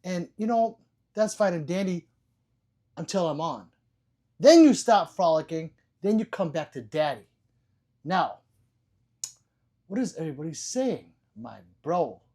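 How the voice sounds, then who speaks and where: A man's voice: high voice, expressive, moderate pace, pauses often, mellow. A man hosting a casual livestream, reading viewers' chat messages aloud, joking, laughing and swearing freely. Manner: loose and profane. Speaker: livestream host.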